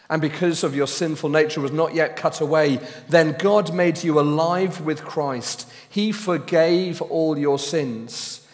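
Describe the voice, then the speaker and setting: A man preaching a sermon as pastor, speaking slowly and deliberately and pressing hard on key words. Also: a little high, big-room sound. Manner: slow and deliberate, with loud emphatic stresses.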